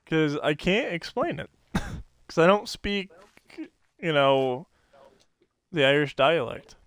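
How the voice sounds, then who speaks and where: A man with a smooth, clear voice pitched a little high, chatting loosely on a podcast. He rambles through his stories, stacking fillers and breaking into laughs. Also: lively intonation, slow, a bit bright, no echo. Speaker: podcast co-host. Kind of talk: casual podcast chat.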